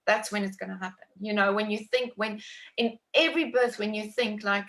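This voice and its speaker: In a brisk, mid-range voice, a woman in her thirties shares her own birth story in conversation. She is emotive and animated, with lots of "likes" and restarts.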